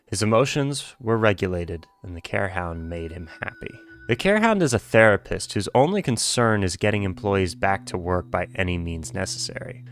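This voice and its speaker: A man talking through a video analysis of a show in a wry, joking and speculative way. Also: lowish voice. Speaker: commentary host.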